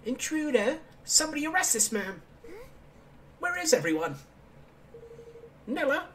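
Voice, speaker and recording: A man reading along in a raised, shrill voice as an indignant boy king. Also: very animated, a little slow, bright, forceful tone, slight background noise, heavily acted.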